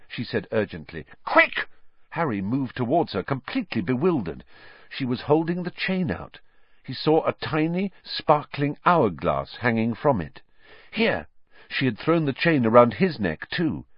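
A man's voice: mid-range voice, very animated, normal speed, slightly rough, no room sound, highs cut off. A man voicing an urgent, clever teenage witch girl who talks breathlessly.

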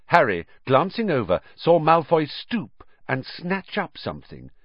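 Animated male audiobook narrator. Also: on the high side, unhurried, dry recording, dull audio. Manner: expressive, animated reading. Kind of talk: scripted narration.

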